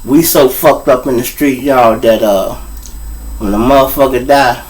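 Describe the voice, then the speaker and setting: A Chicago man with a Chicago accent hosts a show, telling street stories in a rambling, profane monologue that keeps turning to the listeners. His mid-range voice is unhurried, and he sounds far from the mic on a low-quality recording.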